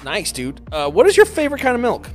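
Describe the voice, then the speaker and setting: Young dude with hiccups goofing around on a podcast, bouncy voice, faint music. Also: male voice, very high-pitched, huge pitch swings, fast talker. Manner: goofy, joking, laughs at own bits. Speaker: podcast co-host. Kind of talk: casual chat.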